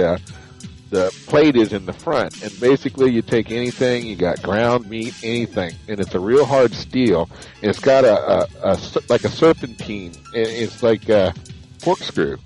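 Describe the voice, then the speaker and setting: A man co-hosting a comedy show, chatting casually in rambling, halting explanations. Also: medium pitch, a little mellow. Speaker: co-host. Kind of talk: casual crude banter.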